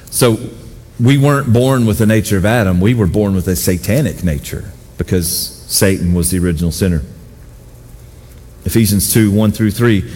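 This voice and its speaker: A middle-aged man preaching a sermon as pastor, telling personal stories with self-deprecating humor and animated voices for the people he quotes. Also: on the low side, moderate pace, long reverb tail.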